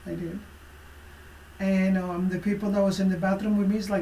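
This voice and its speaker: A woman life coach telling a motivational personal story, emphatic and expressive, with frequent fillers. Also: medium pitch, moderate pace, distant mic, slight background noise. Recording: roomy echo from away from the mic.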